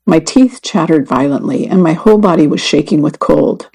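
A woman reading a first-person magazine story and article aloud in an even, measured way. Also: deep voice, breathy edge, rough recording. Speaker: reader. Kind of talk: scripted narration of a magazine story.

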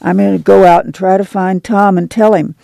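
A man voicing a middle-aged rural mother with a drawl, speaking in a steady, stern, often hushed way. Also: high voice, fairly quick, vocal fry, dry recording.

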